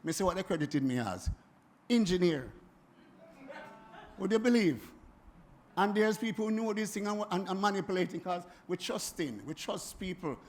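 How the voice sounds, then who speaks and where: A Jamaican man in his seventies, speaking at a forum in an animated, emphatic way that keeps circling back and repeating itself. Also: high voice, moderate pace, pauses often, a little hiss or hum. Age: 70s. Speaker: music producer speaking at a forum. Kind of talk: impassioned spoken address.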